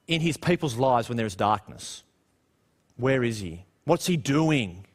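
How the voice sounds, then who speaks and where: With lively intonation and normal speed, this preacher delivers a church sermon in a conversational style. Rhetorical questions punctuate it, and his voice sinks low and hushed for the grimmer parts.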